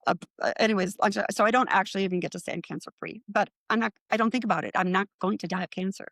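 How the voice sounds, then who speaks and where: A middle-aged woman telling her own story in casual talk, lively and quick to act out what others said. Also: creaky, no echo. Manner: animated, acts out quoted voices with rising pitch. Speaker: guest.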